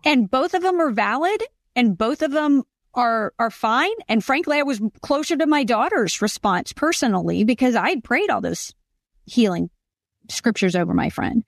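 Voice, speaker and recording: A woman's voice: a little high, lively intonation, moderate pace, creaky, no echo, clean studio sound. A middle-aged woman hosting a Christian podcast, talking earnestly and affirming her guest often. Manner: earnest, affirming, frequent mm-hmms. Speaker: podcast host. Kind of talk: casual Christian podcast interview.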